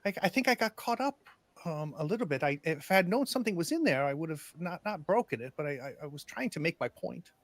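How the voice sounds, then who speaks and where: A man voicing an earnest young woman who speaks in a rushed, stumbling way. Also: fairly high pitch, expressive, fairly bright tone, no echo. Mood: apologetic.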